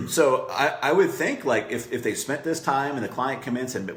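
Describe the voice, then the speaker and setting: A man's voice: medium pitch, very animated, moderate pace, fairly bright tone, roomy sound. A man teaching marketing copy in a coaching session, talking conversationally and checking in with "right?" as he acts out client quotes.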